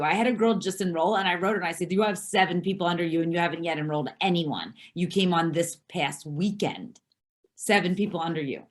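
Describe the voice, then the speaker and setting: A woman hosting a team call, affirming her guest and driving the points home in an emphatic coaching manner. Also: on the low side. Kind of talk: motivational coaching chat.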